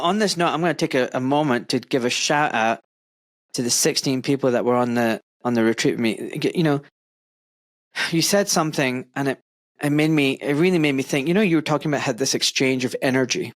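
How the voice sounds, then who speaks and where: Recorded dry, a medium-pitched middle-aged man from Glasgow, Scotland talks fairly quickly in a Glaswegian Scottish accent. He's a podcast host in a warm conversational interview, rambling earnestly and effusively with plenty of fillers.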